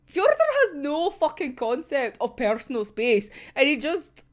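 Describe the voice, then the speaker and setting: A woman reacting to a manga chapter in a casual chat. Her voice is rough because she is unwell, and she swears a lot and laughs often. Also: high voice, wildly swooping pitch, a little slow. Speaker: manga reviewer.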